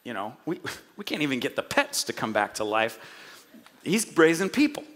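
A man's voice: medium pitch, huge pitch swings, normal speed, a bit bright, pitched below the performer's own voice. A man preaching, putting on the voice of worried male enemies who grumble and scheme. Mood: grumbling.

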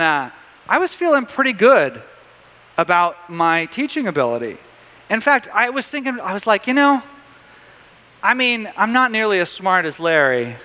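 A man preaching a sermon, telling a story in a lively way with many restarts. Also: high voice, long reverb tail.

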